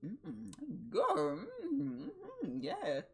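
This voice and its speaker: A woman's voice: a little high, huge pitch swings, extremely slow, gravelly. A woman with a Baltimore accent who streams, chatting casually with a joking, profane, storytelling manner. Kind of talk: casual chat.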